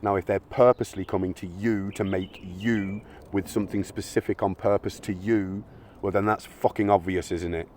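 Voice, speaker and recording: A man's voice: low-pitched, fairly even intonation, moderate pace, a little mellow, a little hiss or hum. A man ranting in a blunt, sweary, argumentative monologue, now and then mocking imagined critics in silly voices. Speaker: video essayist. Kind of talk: opinionated monologue.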